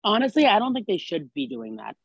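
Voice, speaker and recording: Low-ish husky woman co-hosting a podcast, rambly, kinda muffled mic. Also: sing-song, brisk, dry recording. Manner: rambling, storytelling, laid-back. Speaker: podcast co-host. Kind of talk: casual recap chat. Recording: slightly muffled dry mic.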